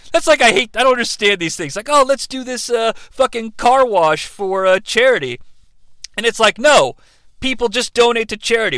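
A man's voice: very high-pitched, pushed and bright, dry recording. A man hosting a comedic movie review, sarcastic, profane and mocking. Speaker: host.

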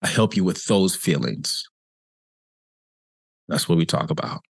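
A man's voice: low-pitched, animated, a little slow, creaky, breathy edge, no echo. A man who hosts a show as a cancer coach, talking earnestly and conversationally in a reflective motivational monologue, often repeating himself for emphasis. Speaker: cancer coach and podcast host.

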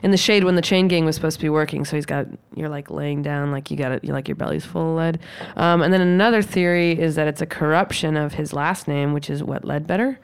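A woman co-hosting a casual podcast, chatty and quick to laugh and swear. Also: low-pitched, clear, resonant tone. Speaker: podcast co-host. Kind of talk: casual chat.

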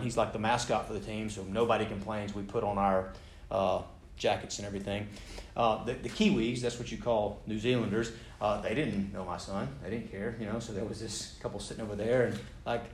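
A man's voice: lowish voice, fairly even intonation, a little fast. An American man giving a sermon talk to a live audience, telling a story animatedly with self-deprecating humor. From United States. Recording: roomy hall sound, faint background noise.

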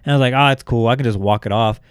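A man's voice: medium pitch, racing, clean tone, no room sound, studio quality. A young man co-hosting a podcast, telling stories in a rambling, profane way full of "like". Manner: profane, rambling storyteller, heavy "like" filler. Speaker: podcast co-host. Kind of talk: casual podcast chat.

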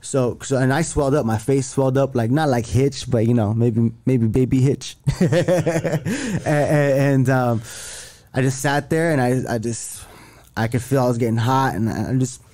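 A man's voice: mid-range voice, unhurried, mellow. A young man telling a long story in casual chat, rambling and profane, with many restarts. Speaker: podcast guest.

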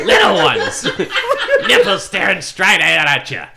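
Brief: a man playing a randy old blowhard, manic and leering, slow-drawn lines, wild swings in pitch, bright edge. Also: huge pitch swings, creaky, a loud crowd, full character voice. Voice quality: manic, leering ranting delivery. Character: lecherous blustering old man, manic and nasal. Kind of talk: comedic impression.

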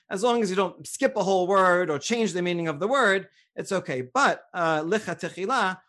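High-voiced rabbi teaching Jewish law. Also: male voice, fairly bright tone. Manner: reads Hebrew source texts aloud and translates them; measured and explanatory, with frequent uh fillers. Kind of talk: lecture reading and explaining sources.

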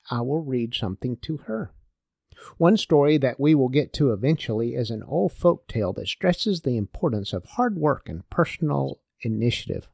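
Older man, gravelly and expressive. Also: mid-range voice, no echo, studio quality. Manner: expressive storyteller. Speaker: speaker. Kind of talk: devotional talk with storytelling.

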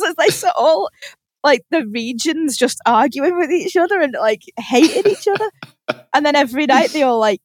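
A woman chatting on a podcast, her voice sitting a bit higher than most and sounding close and dry, with no room around it. She tells stories in an animated way, laughs often and swears freely. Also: normal speed, no room sound. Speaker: podcast host. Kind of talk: casual chat.

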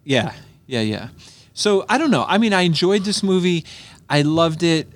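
A chatty man co-hosting a relaxed movie podcast, telling long stories with lots of restarts. His voice sits a touch higher than most men's. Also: moderate pace, slight background noise. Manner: rambling storyteller with frequent restarts, acts out dialogue. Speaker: podcast co-host. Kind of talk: casual chat reviewing a movie.

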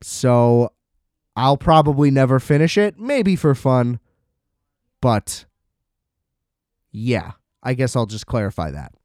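A man's voice: mid-range voice, warm tone, no room sound, studio quality. A young man giving a casual, sarcastic movie recap, swearing and laughing often.

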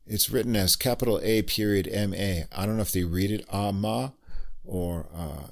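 Guy w a lowish voice reviewing jazz records, laid back, lots of uhs. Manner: relaxed, many "uh" pauses, enthusiastic. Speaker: jazz podcast host. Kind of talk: casual music review chat.

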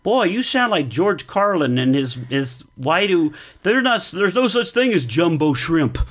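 A man from the United States with a somewhat high voice co-hosts a relaxed chat. He answers questions with jokes and puns. He sounds casual and playful. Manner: joking, playful, quick with puns. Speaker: podcast co-host.

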